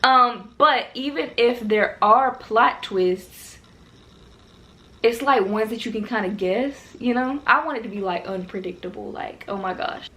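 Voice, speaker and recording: A woman's voice: a little high, a little slow, pushed and bright, slightly rough. A young woman vlogging casually from her car, rambling with lots of fillers. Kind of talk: casual vlog chat. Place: in her car in a parking garage. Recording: noisy car and traffic background.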